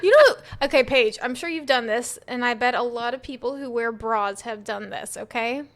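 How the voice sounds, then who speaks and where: A woman's voice: fairly high pitch, moderate pace. A woman co-hosting a podcast in casual, frank chat, often laughing. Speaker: podcast co-host. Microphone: podcast microphone.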